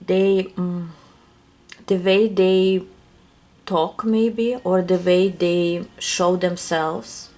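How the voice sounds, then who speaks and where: Lower-voiced woman with a non-native accent. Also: fairly even intonation, drawn-out words, dark tone. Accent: non-native English accent. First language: not English. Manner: musing, searching for words. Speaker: tarot reader. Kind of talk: casual tarot reading.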